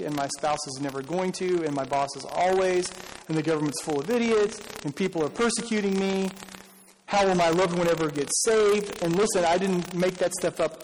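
A middle-aged man preaching a sermon as pastor. He talks in a conversational way, with repeated phrases and rhetorical questions. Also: high voice. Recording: long hall reverb, faint noise.

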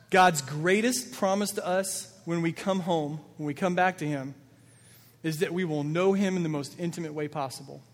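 Male pastor, slightly raised pitch, earnest sermon delivery, long hall reverb. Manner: earnest, builds emphasis, quoting scripture with feeling.

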